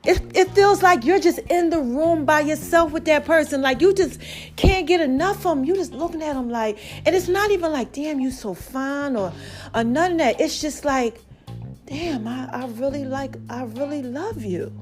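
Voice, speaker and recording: Talking straight to her audience as "baby" and "y'all," this podcast host spins a casual story in a chatty way. She speaks at a normal speed in a high, animated voice, with faint music playing behind her.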